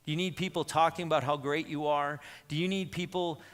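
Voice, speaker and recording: A male pastor delivers a sermon in a bright, forceful voice that sits a little high. He talks to the congregation in an emphatic, conversational way. The sound rings through a church with a long reverb, with soft music underneath. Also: steady tone, brisk. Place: church sanctuary.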